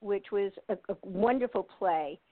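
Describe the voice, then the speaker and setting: Over a tinny, dry phone line with no echo, an older American actress chats casually as an interview guest. She talks at a moderate pace in a mid-range voice, laughing often and using many fillers and restarts.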